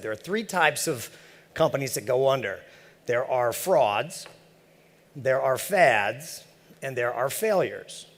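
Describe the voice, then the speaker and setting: Chatty man speaking in an echoing hall. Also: medium pitch. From San Francisco Bay Area. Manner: joking, chatty, many fillers. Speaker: conference speaker. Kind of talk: conference talk. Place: large conference hall. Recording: echoey conference hall over PA.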